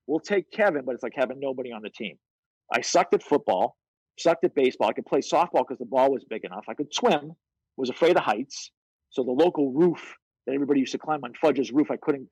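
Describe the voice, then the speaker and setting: A man, a podcast guest telling stories from his life in a blunt, animated, profane way over a video call. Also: medium pitch, breathy edge, no echo, poor audio. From North Shore of Boston, USA. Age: 50s. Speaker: podcast guest, fitness coach. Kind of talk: casual storytelling chat.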